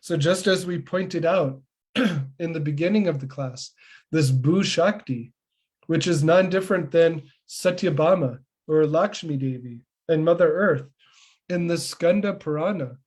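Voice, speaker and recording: A man's voice: a little high, unhurried, darkish tone, breathy edge. A man teaching a spiritual class, telling devotional stories in an earnest, reverent way. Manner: earnest, reverent, lists names one after another. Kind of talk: devotional storytelling lecture.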